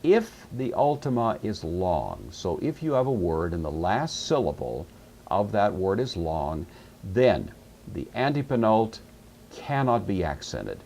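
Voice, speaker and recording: In a recorded lecture, a middle-aged Greek teacher with a low, gravelly, somewhat dark voice patiently walks through a lesson, slowly repeating key terms. His pitch swings widely up and down as he stresses each point, with a faint hiss beneath the recording.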